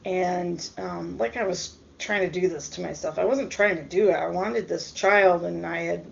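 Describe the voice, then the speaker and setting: A woman recounts a personal story in a subdued, halting voice full of pauses and ums. Her tone has a gravelly fry. The recording sounds dull and lo-fi. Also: fairly low pitch, slight background noise. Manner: hesitant, halting, many ums. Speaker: storyteller vlogger.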